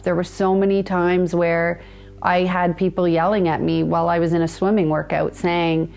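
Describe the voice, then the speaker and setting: A woman in her thirties, a podcast guest, telling a personal story in a reflective, halting way with many fillers and restarts. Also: fairly low pitch, little pitch movement, creaky, darkish tone, clear, resonant tone.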